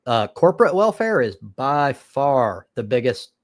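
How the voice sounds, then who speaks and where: A man's voice: medium pitch, sing-song, measured pace. Profane American man hosting a stream. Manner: profane, rambling with restarts. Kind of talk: casual crude chat.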